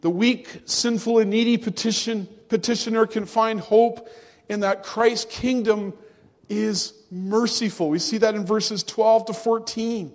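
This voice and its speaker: A man preaching a sermon to his congregation, earnest and measured, drawing out words for emphasis. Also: high-pitched, steady tone, big-room sound. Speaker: pastor.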